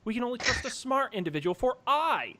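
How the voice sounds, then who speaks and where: A man's voice: extremely high pitch, very animated, a little fast, noisy background. A man playing a grandiose, smug wizard who makes showy proclamations in a tabletop game.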